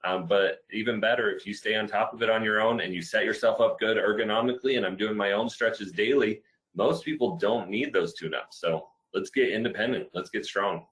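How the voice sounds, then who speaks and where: A man's voice: lowish voice, brisk, fairly bright tone, poor audio. A man hosting a physical therapy webinar, encouraging viewers and answering their comments in a casual, upbeat way.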